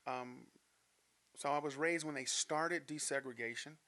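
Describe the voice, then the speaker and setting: This podcast guest, a man in his fifties from Denver, Colorado, USA, shares personal stories in a lively way, with frequent laughter. His voice is mid-range and unhurried.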